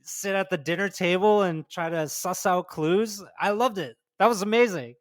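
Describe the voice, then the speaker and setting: A man's voice: high voice, normal speed, no echo, clean studio sound. A man co-hosting a casual podcast, rambling with lots of "like" and "you know". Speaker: podcast co-host.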